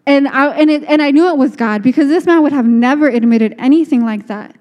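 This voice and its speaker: A woman's voice: high voice, lively intonation, normal speed, few pauses, darkish tone, muffled recording. A woman giving an earnest, conversational sermon with many restarts. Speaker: speaker. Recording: long reverb of a hall.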